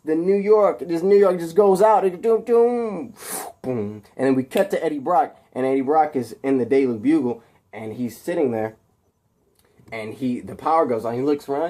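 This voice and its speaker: In a fairly high-pitched voice with a dark tone, a man improvises a spoken superhero fan story off the cuff. He rambles, restarts often, uses lots of fillers, and adds his own sound effects.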